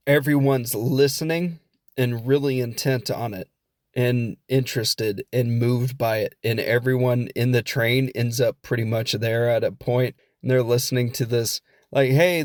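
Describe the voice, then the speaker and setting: A podcast host with a mid-range voice and a Midwestern American accent recaps a film in a casual, comedic way, rambling, joking and poking fun at himself. The studio sound is clean, with no echo.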